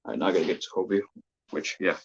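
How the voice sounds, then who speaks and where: A hobbyist filming toy trains at home chats on a phone live-stream, rambling and often correcting himself. He talks fast in a low, gravelly, husky voice with lively intonation, and the dull lo-fi phone audio has no room sound.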